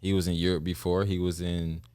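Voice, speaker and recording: A man talking casually as a guest on a podcast, plain-spoken and relaxed. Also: sits low, fairly quick, clean tone. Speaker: guest, pro basketball player.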